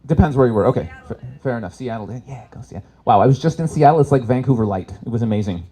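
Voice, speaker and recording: A man from Canada, whose voice is husky and medium in pitch, moves at a quick pace through a stand-up set. Performing on an expo stage for a live audience, he tells animated stories and acts out characters with voices.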